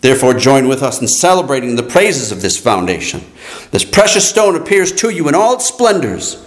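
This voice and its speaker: A man's voice: medium pitch, very animated, normal speed. A man preaching a sermon in a solemn, declaiming way, his voice rising and falling. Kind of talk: sermon reading.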